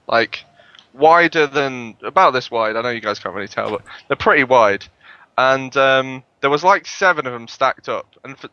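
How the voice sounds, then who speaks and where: Bright-voiced young man. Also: mid-range voice. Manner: rambling anecdotes with swearing. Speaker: podcast co-host. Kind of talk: casual chat.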